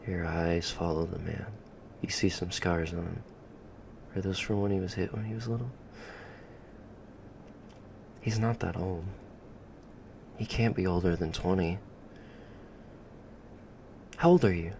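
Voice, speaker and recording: Deep, gravelly male storyteller. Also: steady tone, moderate pace, a little mellow, a little hiss or hum. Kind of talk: second-person story narration.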